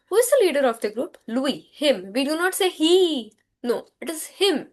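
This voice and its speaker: A woman with an Indian English accent teaching a French grammar lesson, drilling words slowly and having students repeat after her. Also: high-pitched, big pitch swings. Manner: slow, repetitive drilling with call-and-response.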